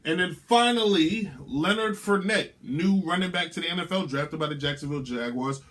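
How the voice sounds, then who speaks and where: Over a music bed, the host of his own sports show rants in a sing-song manner, offering brash and opinionated commentary. His voice is fairly high and a bit bright, and he talks at a normal pace.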